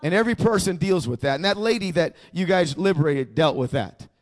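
A man's voice: fairly high pitch, animated, a little fast. A male pastor preaching a sermon, emphatic and prompting the congregation to repeat after him.

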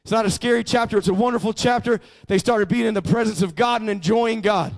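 Pastor, male, high voice, emphatic sermon delivery with call-and-response prompts to the congregation. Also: fast talker, vocal fry.

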